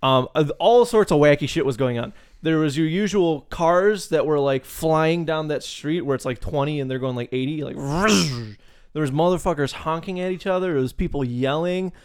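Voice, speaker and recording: Male podcast co-host, fairly high voice, casual, profane storyteller who laughs a lot. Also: moderate pace, a little mellow, clear, resonant tone.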